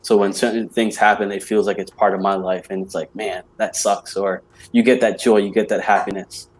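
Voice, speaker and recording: Chatty man with a low voice. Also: flat delivery, brisk. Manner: chatty, lots of "like" fillers, laughs easily. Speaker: podcast guest. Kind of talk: casual chat.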